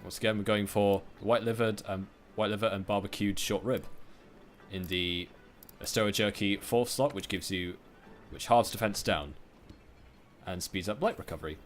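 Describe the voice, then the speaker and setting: A man's voice: lowish voice, normal speed, a little hiss or hum. A man hosting a let's-play, chatting casually over his gameplay with plenty of fillers and restarts. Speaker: gaming let's-play host. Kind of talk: casual game commentary.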